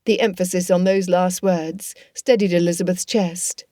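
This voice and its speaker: Female audiobook narrator, measured and expressive, dry recording. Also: on the low side, dry recording.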